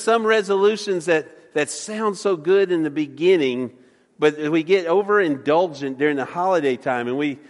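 A man's voice: on the high side, big-room sound. A man preaching a sermon, folksy and joking, often stammering and repeating words as he talks. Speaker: pastor. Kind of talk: sermon with jokes. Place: church sanctuary.

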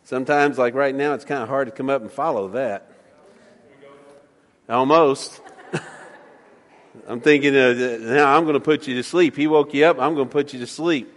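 A man's voice: mid-range voice, fairly even intonation, moderate pace, pauses often, a bit bright, long reverb tail. A man preaching a sermon, folksy and joking, often stammering and repeating words as he talks. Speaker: pastor. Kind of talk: sermon with jokes. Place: church sanctuary.

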